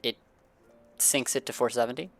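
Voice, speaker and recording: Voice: medium pitch, normal speed, no echo, soft background music. A streamer chatting casually with teammates while gaming, often asking questions and hesitating. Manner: asks lots of questions, hesitant.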